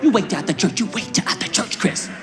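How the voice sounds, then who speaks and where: A man doing a shrill, scolding church mother. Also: very animated, normal speed, over loud music, a loud crowd, full character voice. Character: stern churchgoing mother, scolding her son.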